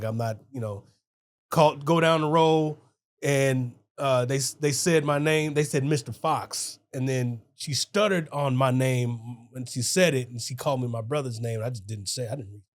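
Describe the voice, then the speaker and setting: A man in casual podcast chat, telling a rambling, wisecracking story about a teacher. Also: mid-range voice. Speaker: podcast co-host.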